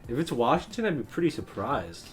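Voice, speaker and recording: A young man co-hosting a casual chat as the producer, teasing his partner in quick back-and-forth. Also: medium pitch, huge pitch swings, soft background music. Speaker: producer and co-host.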